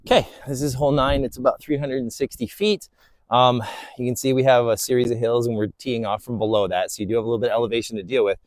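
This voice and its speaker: A man's voice: medium pitch, fast talker, dry recording. A man casually explaining each hole of a disc golf course as he plays, talking outdoors in a hilly park and a bit out of breath. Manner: relaxed, explanatory, talking to himself between throws. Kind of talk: casual course walkthrough commentary. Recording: faint wind noise outdoors.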